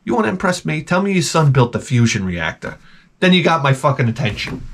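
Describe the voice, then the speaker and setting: A middle-aged man hosting his channel, telling a comic story in a profane, animated rant full of restarts. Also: a little high, a little fast, slight background noise. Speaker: host.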